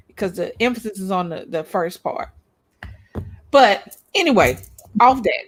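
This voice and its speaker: A woman's voice: medium pitch, lively intonation, measured pace, long pauses, faint music behind. A woman co-hosting a casual chat show, blunt and outspoken, swearing freely and repeating her points for emphasis. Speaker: co-host of a couples' YouTube channel.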